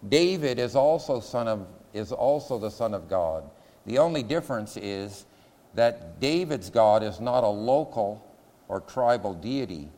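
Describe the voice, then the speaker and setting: A man's voice: fairly low pitch, a little mellow, big-room sound. A man giving a classroom lecture on scripture, laying out points in numbered order and putting questions to his students. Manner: methodical, counts points aloud, asks the class questions.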